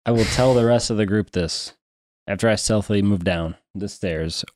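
A man's voice: fairly low pitch, moderate pace, darkish tone, no room sound, clean studio sound. A man playing a tabletop game, joking and playful as he talks. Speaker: player. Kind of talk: casual chat at a tabletop game.

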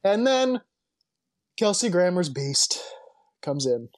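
A man's voice: high-pitched, very animated, takes it slowly, no room sound, studio quality. A man co-hosting a casual movie podcast, rambling and emphatic, with lots of restarts and strong opinions. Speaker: podcast co-host.

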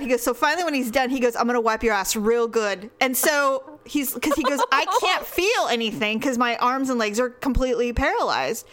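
Bright, high-voiced woman telling stories. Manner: animated, laughs often, acts out quotes. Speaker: podcast co-host. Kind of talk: casual chat, storytelling.

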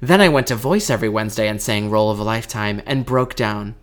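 A young man in casual chat, reading old messages aloud with sardonic, animated commentary. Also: lowish voice, quick pace. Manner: sardonic, animated, swears freely.

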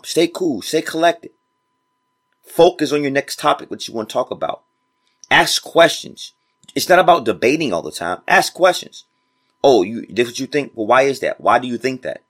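A man's voice: on the low side, a bit bright. A man hosting a motivational podcast, speaking casually and preaching straight to his listeners, repeating phrases for emphasis. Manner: casual informal grammar. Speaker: podcast host.

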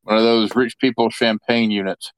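Guy at a tabletop game, smooth lowish voice, rambly, dry close mic. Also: little pitch movement, normal speed, no echo. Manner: rambling, self-correcting. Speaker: player. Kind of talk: casual game chat in character.

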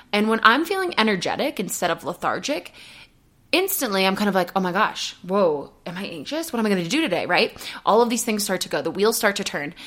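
A young woman hosting a podcast, talking casually and chattily, often acting out her own thoughts in quoted asides. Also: mid-range voice. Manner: chatty, animated, acts out her own inner voice. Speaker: podcast host. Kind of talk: casual self-help podcast monologue.

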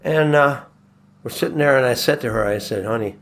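A man from Buffalo telling a long personal anecdote in a relaxed, rambling way, acting out the quoted dialogue as he goes. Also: mid-range voice, fairly quick, a little hiss or hum. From Buffalo, New York. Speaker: guest telling a personal story.

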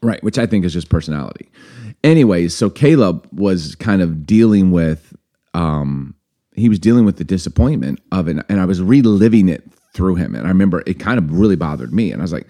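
Deep-voiced man telling a story. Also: a little fast. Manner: storytelling, animated, acts out quoted dialogue. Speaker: podcast host. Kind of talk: casual conversational podcast.

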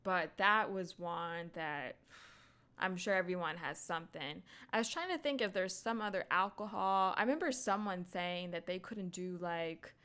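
A young adult woman hosting a podcast, talking casually in a rambling, animated way with lots of fillers and laughs into a microphone. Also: lowish voice, normal speed, smooth. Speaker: podcast host. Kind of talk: casual solo chat.

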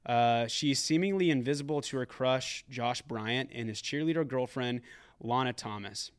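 A man's voice: medium pitch, moderate pace, clear, resonant tone. A man co-hosting a casual movie review podcast, joking and reading out reviews, with a lot of restarts. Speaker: podcast co-host.

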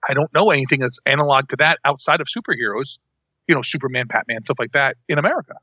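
A man co-hosting a podcast in casual chat, talking in a rambling, animated way and often breaking off and restarting. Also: mid-range voice, quick pace, breathy edge, no echo, muffled recording. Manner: rambling, animated, self-interrupting. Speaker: podcast co-host.

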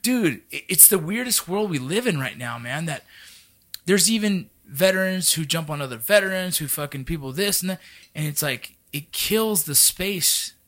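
A man with a high voice talks in a loose podcast chat, swearing constantly and hammering his points home. His pitch swings widely as he gets worked up about veterans and training. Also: animated, normal speed, a bit bright. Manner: profane, emphatic, fired-up. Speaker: military veteran. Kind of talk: casual podcast conversation.

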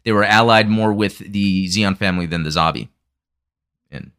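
A man hosting a live chat show, talking fast and rambling with lots of fillers and restarts. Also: on the low side, a bit bright, smooth, no echo, studio quality. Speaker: podcast host. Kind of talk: casual chat.

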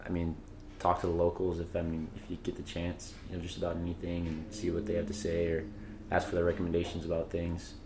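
Deep, flat man in a roomy space. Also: quick pace, noisy background. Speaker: student traveler. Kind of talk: casual interview advice.

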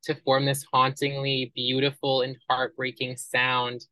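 Young male co-host, gushing and effusive, bright tone, dry close sound. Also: mid-range voice, monotone, a little slow, no room sound, poor audio. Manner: effusive, gushing, quotes lyrics aloud. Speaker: podcast co-host. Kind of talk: casual chat.

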